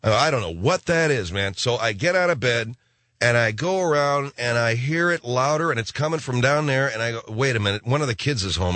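Man, middle-aged, late-night radio host, animated rambling monologue, dry studio mic. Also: medium pitch, no room sound. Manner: animated storytelling, acts out voices, rambling asides. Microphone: studio microphone.

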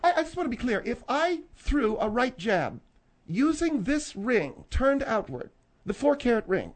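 A woman playing up mock outrage in comic banter, theatrical and pointed. Her voice sits a bit high and moves with animated rises and falls. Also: unhurried.

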